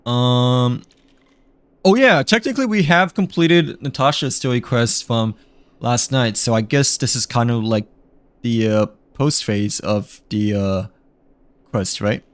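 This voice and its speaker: A man's voice: mid-range voice, a little slow, clear, resonant tone, no echo. A man giving casual gameplay commentary, rambling with many fillers and little chuckles. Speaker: gamer.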